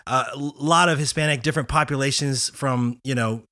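A man hosting an interview podcast, enthusiastic and quick to react with "wow" and "man" as he talks with his guest. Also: medium pitch, steady tone, sharp tone, no echo, clean studio sound. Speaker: podcast host. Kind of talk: casual interview chat.

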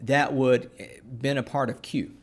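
A man of medium pitch talks through an explanation in a loose, conversational way. He pauses often, restarts sentences and fills gaps with "um" and "uh". His tone stays steady and plain, like a co-host teaching his partner. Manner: unhurried, with many fillers and restarts. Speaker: podcast co-host explaining scripture. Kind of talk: casual explanatory chat.

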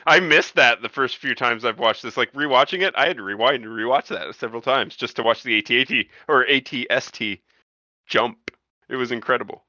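A man's voice: medium pitch, brisk, sharp tone, dry recording. Opinionated man, dull lo-fi podcast. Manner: hesitant, repeats words, opinionated. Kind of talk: casual film discussion. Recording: dull lo-fi sound.

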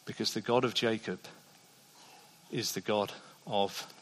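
A man preaching a sermon in a church, shifting between soft, hushed passages and loud, emphatic ones. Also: lowish voice, fairly even intonation, measured pace, a little hiss or hum. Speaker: pastor. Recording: long reverb of a church hall.

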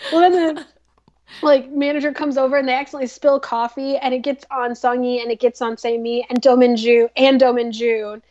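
A woman's voice: on the high side, little pitch movement, fairly quick, few pauses, a little mellow, muffled recording. A woman hosting a podcast, recapping a drama in a chatty, filler-heavy way. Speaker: podcast host. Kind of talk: casual drama recap chat.

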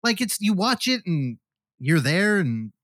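A man co-hosting a podcast, chatting casually about horror films, animated and swearing freely. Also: sits high, measured pace, no room sound, clean studio sound. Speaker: podcast co-host.

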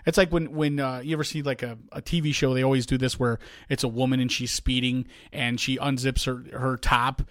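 A man's voice: medium pitch, little pitch movement, a little fast, hardly any pauses, no echo, clean studio sound. A man co-hosting a podcast, making blunt wisecracks and arguing his point in casual chat. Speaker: podcast co-host.

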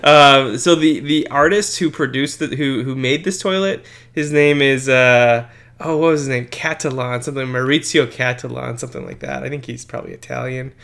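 A man's voice: mid-range voice, steady tone, normal speed, creaky, a bit bright. A young man co-hosting a podcast in casual chat, rambling and joking with many fillers and restarts. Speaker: podcast co-host.

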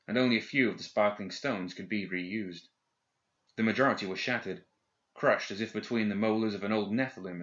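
A man giving measured, scripted narration of a fantasy audiobook. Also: lowish voice, fairly bright tone. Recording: dull lo-fi recording.

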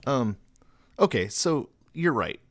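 A man's voice: medium pitch, animated, slow pace, fairly bright tone, no room sound. A man co-hosting a casual podcast, explaining in a wry, joking way. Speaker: podcast co-host. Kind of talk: casual chat.

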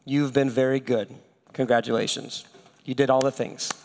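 A man voicing a calm, earnest teacher who speaks bluntly and deliberately. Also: high-pitched, long reverb tail, a little hiss or hum. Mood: gentle.

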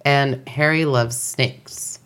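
Very deep-voiced woman in casual chat. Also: fairly even intonation, slow pace, fairly bright tone, smooth. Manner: enthusiastic, gushing, lots of "like". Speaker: podcast co-host discussing fan fiction.

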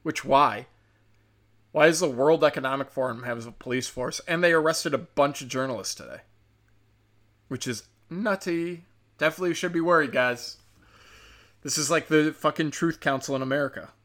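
Brief: male host, sharp bright tone, profane sarcastic rant. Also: fairly high pitch, normal speed. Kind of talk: ranting commentary.

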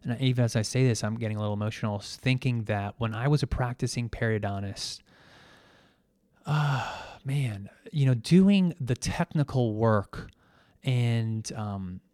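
A man's voice: medium pitch, animated, measured pace, darkish tone, no room sound. A middle-aged man hosting his podcast alone, reflecting earnestly and a little emotionally, with many fillers and restarts. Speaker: podcast host and coach. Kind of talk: reflective solo podcast talk.

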